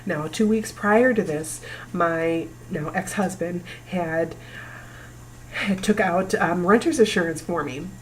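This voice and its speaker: A woman in her forties talking to camera about her family's past, emotional and halting, pausing often. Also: lowish voice, a little hiss or hum, poor audio. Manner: emotional, halting, breaks down at times. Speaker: vlogger. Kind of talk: personal talk to camera.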